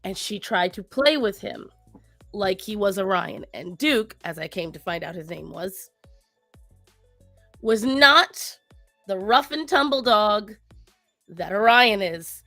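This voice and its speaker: A woman's voice: mid-range voice, takes it slowly, pauses often, no echo, faint music behind. Woman co-host giving advice to viewers. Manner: animated, gives advice to viewers. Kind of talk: casual chat.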